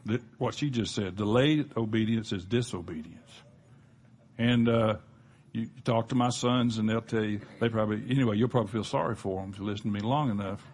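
A man's voice: lowish voice, brisk, a little mellow, slightly rough. A middle-aged man preaching a sermon as a pastor, plain-spoken and emphatic, often restarting his sentences.

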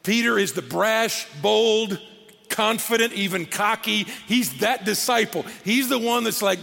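Male pastor, high gravelly voice, animated sermon delivery, long hall reverb. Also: measured pace, soft background music. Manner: animated, acts out scripture scenes in character voices.

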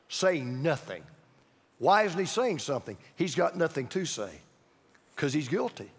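A male pastor preaches with a high voice and a lively, wide-ranging delivery. He leans on repetition and swings between loud emphasis and hushed asides. His voice rings through a church hall with long reverb. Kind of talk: sermon. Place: church sanctuary.

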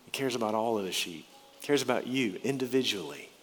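Brief: male pastor, mid-pitched voice, earnest sermon delivery with slow stressed key words, long hall reverb. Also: lively intonation, a little hiss or hum. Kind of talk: sermon with scripture reading.

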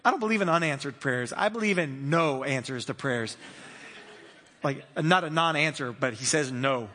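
A man's voice: medium pitch, animated, normal speed, sharp tone, long reverb tail. A man preaching a sermon in a church, chatty and laughing, acting out little voices along the way. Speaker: pastor.

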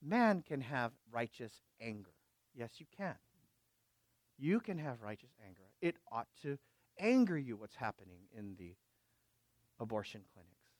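A man preaching a sermon as pastor, emphatic and questioning his listeners, swinging from loud exhortation to quiet asides. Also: mid-range voice, big pitch swings, a little slow, long pauses, dry recording.

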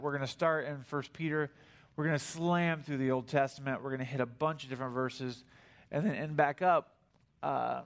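A man in his thirties giving a sermon in a church in a relaxed, rambling way, with lots of fillers and asides to the congregation. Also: fairly high pitch. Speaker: guest preacher. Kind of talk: conversational sermon. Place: church sanctuary.

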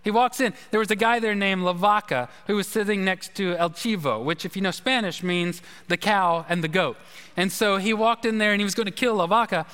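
A man's voice: high voice, a little fast, pushed and bright, smooth. A man preaching a sermon in a loose, conversational way, telling stories with asides to the congregation. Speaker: pastor. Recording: long reverb of a large hall.

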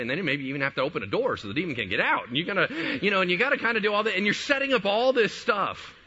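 A man preaching a sermon as pastor, acting out Bible scenes with shouted exclamations. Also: on the high side, husky, dull audio.

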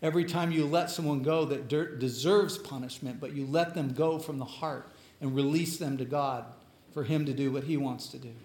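Earnest preaching man, slightly high voice. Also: fairly even intonation, normal speed, echoey room. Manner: earnest preaching, shifts between emphatic and hushed. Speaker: pastor. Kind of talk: sermon.

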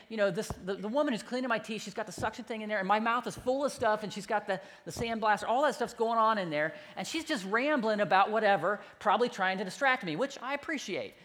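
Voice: mid-range voice, fairly bright tone, in a large hall. A pastor preaching a sermon in a conversational, self-deprecating storytelling manner.

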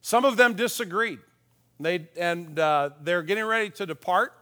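A man, a pastor, giving a conversational sermon with personal stories, dropping softly on key points. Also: high voice, lively intonation, normal speed. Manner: folksy, tells personal stories with chuckles.

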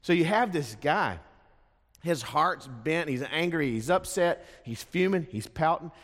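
A man preaching a sermon as pastor, emphatic, with dramatic pauses on key words. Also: on the high side, lively intonation, a bit bright. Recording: long reverb of a large hall.

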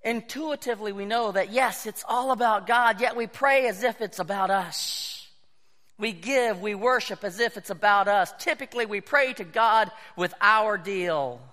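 High-voiced preacher in an echoing hall. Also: male voice, moderate pace. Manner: animated storytelling, acts out quoted voices. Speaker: pastor. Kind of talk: sermon. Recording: long hall reverb.

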